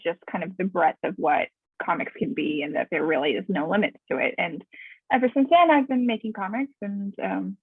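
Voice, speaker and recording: A woman, a guest on an interview show, talking casually in a measured, slightly hesitant way. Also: on the low side, slightly rough, dry recording. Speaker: comic artist guest. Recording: tinny dry phone-like line.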